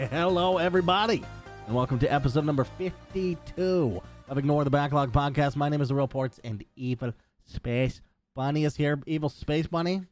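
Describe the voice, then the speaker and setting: A man's voice: a little high, moderate pace, darkish tone, soft background music. A man hosting a podcast in casual chat, joking sarcastically and swearing freely. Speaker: podcast host.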